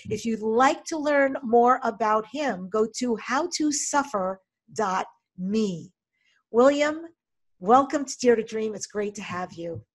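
A woman hosts a podcast interview with a voice a little higher than average. She chats easily and laughs as she sets up her questions. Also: slow. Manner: chatty and laughing. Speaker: podcast host. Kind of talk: interview hosting.

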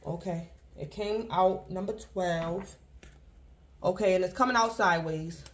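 A woman's voice: lowish voice, a little slow, noisy background. A woman giving a casual tarot reading to her viewers, rambling and repeating herself as she speaks to the collective. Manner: rambling and repetitive, addresses the collective; speaks in loose restarts, circling back to one point. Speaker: tarot reader.

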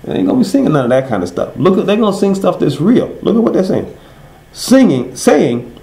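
A man teaching a Bible study. He asks his listeners questions and answers them himself, and he reads scripture slowly, stressing each word. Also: high voice, sing-song, gravelly, mellow, roomy sound, poor audio.

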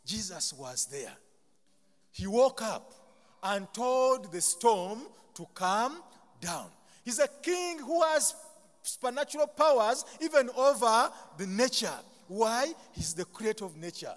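A high-voiced Ugandan pastor delivers a sermon, pausing mid-sentence with a questioning "what?" so the congregation can fill in the word. He mixes humorous, self-deprecating asides into his preaching. A long chapel reverb trails his voice. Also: expressive, a bit bright. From Buganda, Uganda. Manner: call-and-response, leaves sentences open for the congregation to finish.

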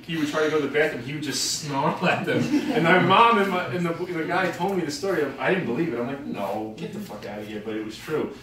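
A man's voice: fairly high pitch, expressive, quick pace, few pauses, a bit bright, recorded from a distance, a little hiss or hum. A man telling rambling, profanity-filled, laughing stories about his dog to a group. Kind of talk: casual storytelling tribute. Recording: very echoey, off-mic, crowd behind.

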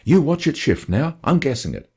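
A headstrong, quick-witted northern mum who talks briskly and cheekily, voiced by a man. Her voice is pitched well up and slightly husky, and it leaps about freely. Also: big pitch swings, a little mellow. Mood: scheming. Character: bossy, quick-witted northern English mother.

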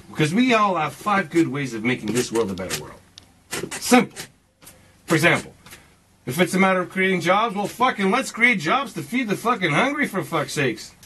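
Animated, swearing man in his forties. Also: high-pitched, slight background noise, low-quality recording. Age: 40s. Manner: swearing, emphatic, philosophizing, addresses listener as man. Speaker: speaker sharing personal views. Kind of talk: casual rambling monologue.

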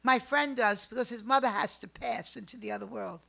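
An older woman telling family stories as a podcast guest, animated, swinging between loud outbursts and hushed asides. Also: a little high, a little fast, vocal fry. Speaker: psychic guest. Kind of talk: storytelling in a podcast interview.

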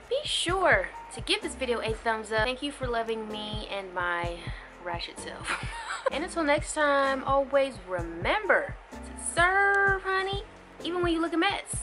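A young woman vlogging casually to her viewers, chatty and informal, just woken up. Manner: chatty, switches to high baby talk for her puppy. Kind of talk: casual vlog chat.

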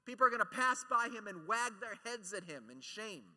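A man gives a lively conference talk, high in pitch and very bright in tone. He jokes, acts out quotes and keeps the crowd with him. His voice rings with the long reverb of a large hall. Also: normal speed. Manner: animated, joking asides and acted-out quotes. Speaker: speaker at a Catholic conference.

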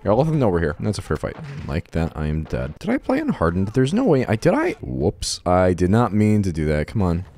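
A man's voice: sits low, wildly swooping pitch, brisk, few pauses, darkish tone, slight background noise. A young man giving casual, sweary, self-deprecating commentary while playing a video game, rambling and laughing at his own jokes. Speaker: gaming YouTuber.

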